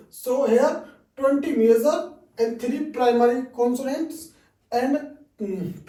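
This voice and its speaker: A man reads through a language lesson in a halting way, stopping to restart words and leaning on "okay" between points. His voice sounds mellow and soft-edged. It is caught from a distance in an echoey room. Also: very high voice. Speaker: English teacher. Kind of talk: reading through lesson slides. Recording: roomy echo, distant mic.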